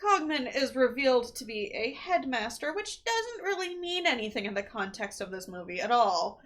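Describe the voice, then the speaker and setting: A woman's voice: on the high side, sing-song, moderate pace, a bit bright. A woman co-hosting a podcast, recapping a movie in casual chat with dry, wry asides. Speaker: podcast co-host.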